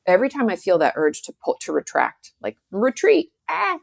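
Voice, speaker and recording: A woman's voice: mid-range voice, huge pitch swings, moderate pace, creaky. A woman who is a guest author, talking casually in a podcast conversation, chatty with many fillers and acted-out quotes.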